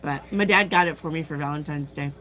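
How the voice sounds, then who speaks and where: A woman's voice: deep voice, a little fast, fairly bright tone, poor audio. A woman hosting a tarot livestream, chatting casually, telling a personal story and answering viewer comments. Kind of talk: casual chat with live chat.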